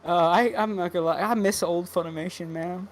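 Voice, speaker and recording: A woman co-hosting a podcast in casual chat, rambling and animated, with many restarts and swearing. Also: lowish voice, a little fast. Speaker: podcast co-host.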